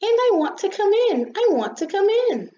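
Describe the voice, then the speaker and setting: A woman voicing the sun as a soft, cheery, eager little voice that pleads to come in. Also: very high voice, very animated, moderate pace, echoey room, slight background noise, voice pushed up. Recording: slightly dull lo-fi recording.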